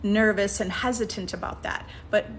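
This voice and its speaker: A woman with a steady, mid-range voice gives a casual coaching talk as a manifestation coach, speaking at normal speed with a little background hiss or hum. She coaxes her listeners, checks in often with "okay?" and "right?", and frequently restarts sentences as she thinks aloud.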